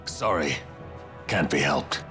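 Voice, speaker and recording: A grave, disgraced knight captain with an extremely deep voice. He speaks solemnly and tersely, with few words. Faint game music sits under him. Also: expressive, slow, bright, forceful tone, full character voice. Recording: game audio with music behind.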